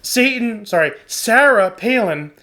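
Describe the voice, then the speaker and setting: A man's voice: high-pitched, lively intonation, measured pace, very noisy. A man hosting a satirical comedy show, delivering a sarcastic, mock-dramatic rant. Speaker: host.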